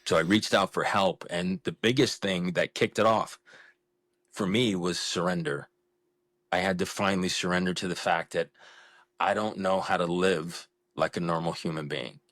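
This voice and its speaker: A man's voice: deep voice, steady tone, normal speed, fairly bright tone, dry recording. A man in his fifties, a podcast guest, speaking frankly and with self-deprecation in a candid interview conversation. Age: 50s.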